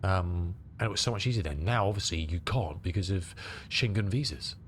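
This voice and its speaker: A middle-aged man from England, slightly under the weather with a cold, talks loosely with his stream chat. His voice sits low but swings widely in pitch as he rambles through the viewers' questions. A faint rumble hums behind him. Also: animated, brisk. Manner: rambling, chatty, answers chat aloud. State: has a cold. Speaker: flight sim streamer.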